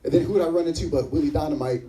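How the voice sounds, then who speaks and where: Onstage at a comedy venue, a young comedian races through animated stories, doing voices for the other characters. His slightly high voice is picked up by a distant mic, and the audio is low-quality with some background noise.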